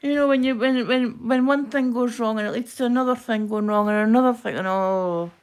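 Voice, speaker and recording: A woman with a broad Scottish accent chatting quickly and casually to viewers on a live craft stream while she stitches. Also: on the high side. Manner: quick-talking, chatty, self-deprecating. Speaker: craft livestream host.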